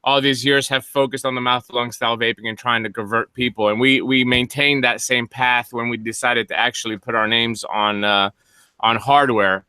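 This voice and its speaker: A man's voice: mid-range voice, steady tone, normal speed, sharp tone, clear, resonant tone, no room sound. A man co-hosting a casual podcast, explaining hardware in detail with some teasing banter. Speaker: co-host.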